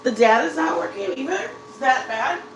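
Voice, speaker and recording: A woman's voice: sits high, animated, normal speed, a little hiss or hum, poor audio. A woman in her forties, a vlogger, chatting casually with her viewers while baking at home and telling long stories. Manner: chatty storyteller addressing viewers directly.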